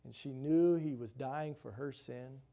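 A man preaching a sermon, reading scripture aloud and expounding on it with rhetorical questions, his voice swelling loud for emphasis and dropping soft. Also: medium pitch, measured pace, vocal fry.

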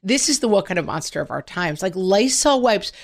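A middle-aged woman co-hosting a podcast, telling family stories in an animated, chatty way. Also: medium pitch, brisk, gravelly. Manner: animated storytelling, quoting family members in voices. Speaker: podcast co-host. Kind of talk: casual podcast chat.

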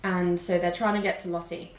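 A woman co-hosting a casual podcast, retelling a film plot quickly and animatedly with lots of fillers. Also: fairly low pitch, echoey room. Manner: animated, fast storytelling with many fillers.

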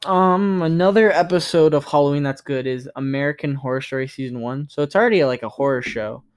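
A man's voice: a little high, fairly quick, smooth. A man co-hosting a casual podcast chat, talking in an enthusiastic, rambling way. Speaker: podcast co-host.

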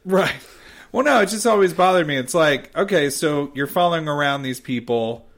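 A man's voice: fairly high pitch, animated, normal speed. A man co-hosting a casual chat, upbeat and chatty with hesitant starts. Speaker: podcast co-host.

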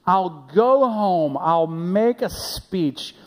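A man doing a broke young man, repentant, higher voice, drawn-out pleading, long church reverb. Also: expressive, heavily acted.

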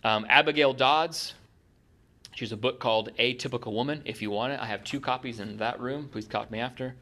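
A man's voice: mid-range voice, fairly quick, sharp tone. A middle-aged man preaching a sermon in a conversational way, asking the congregation questions. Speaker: pastor.

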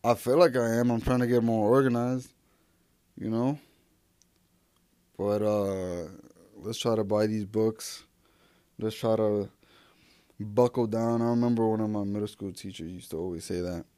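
A man's voice: lowish voice, fairly even intonation, normal speed, pauses often, warm tone, dry recording, studio quality. A young man hosting a solo podcast, talking loosely and profanely with many restarts and fillers. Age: young adult. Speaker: podcast host. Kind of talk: casual solo podcast rambling.

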